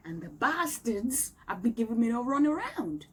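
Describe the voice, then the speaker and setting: A woman with a fairly high, very animated voice vents an exasperated complaint to camera at a normal pace. She's indoors in a room at home, and the low-quality recording picks up faint street noise outside.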